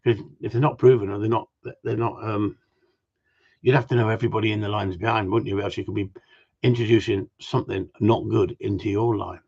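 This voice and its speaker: Man, husky low voice, blunt and repetitive trainer chat, lo-fi sound. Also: fairly even intonation, brisk, a little mellow. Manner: blunt, opinionated, repeats himself. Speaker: gundog trainer. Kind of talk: casual livestream chat.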